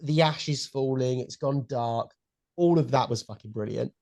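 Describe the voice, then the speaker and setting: A young man co-hosting a podcast in casual chat, excitable and blunt, swearing freely. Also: mid-range voice, normal speed, gravelly, no room sound. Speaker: podcast co-host. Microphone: headphones and mic at home.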